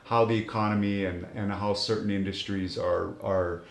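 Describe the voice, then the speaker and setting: A man who is an investment strategist on a finance show, explaining things in a measured way with frequent fillers. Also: lowish voice, steady tone, creaky, reverberant.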